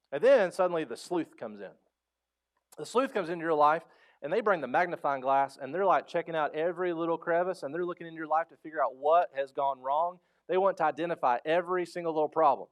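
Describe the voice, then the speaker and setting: Man, pastor, sermon, animated storytelling, slightly higher voice. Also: brisk. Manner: conversational, asks the crowd questions.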